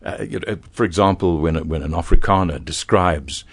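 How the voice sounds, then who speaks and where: An older man with a husky, lowish voice talks as an interview guest. He tells anecdotes with animation and stumbles over frequent restarts. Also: normal speed. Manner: animated storyteller, stammers on restarts. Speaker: veteran broadcaster, guest. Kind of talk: interview conversation.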